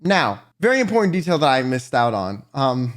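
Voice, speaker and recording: A man telling a storytime vlog story in an animated way, swearing often. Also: mid-range voice, a little fast. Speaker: vlogger.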